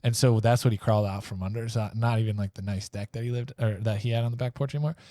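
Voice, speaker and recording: Podcast co-host, male, lowish voice, dry close mic, rambling comic storyteller who voices the characters as he goes. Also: steady tone, very fast, mellow, no echo. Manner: rambling, acts out characters' lines while telling the story. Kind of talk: casual comedic storytelling.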